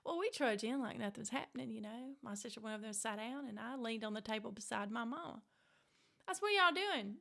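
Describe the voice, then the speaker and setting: A middle-aged woman with a Mississippi Southern accent, an author telling family stories in a casual interview, animated and quick to act out voices. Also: on the high side, creaky. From Mississippi Delta. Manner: animated, acts out quoted voices, laughs often. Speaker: author, guest.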